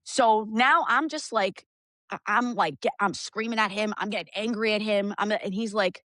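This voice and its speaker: A woman guest on a podcast, talking candidly with frank swearing and lively storytelling. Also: mid-range voice, moderate pace, no echo, studio quality. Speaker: guest, energy practitioner. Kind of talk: casual podcast conversation.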